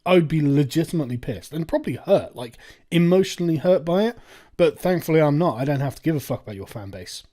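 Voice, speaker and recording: A man's voice: fairly high pitch, animated, fast, mellow. A man hosting a reaction commentary, ranting in a sarcastic, profane way. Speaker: commentary video host.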